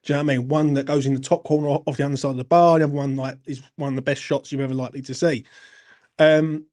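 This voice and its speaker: A man's voice: mid-range voice, steady tone, fast, a little mellow. A man, hosting a live football fan stream and chatting bluntly to viewers while reading out their comments. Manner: blunt, sweary, chatty, addresses viewers as mate. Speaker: football fan channel host.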